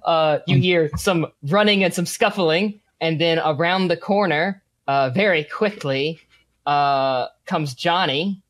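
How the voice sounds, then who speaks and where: A man narrating a tabletop game as game master, pausing often with ums as he describes scenes. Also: a little high, poor audio. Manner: hesitant, filler-heavy narration with lively swings.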